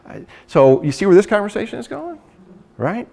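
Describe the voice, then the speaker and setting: A middle-aged man giving a lively sales training talk, acting out conversations and laughing often. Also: high voice, moderate pace, vocal fry. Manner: animated storyteller, acts out dialogue, laughs often.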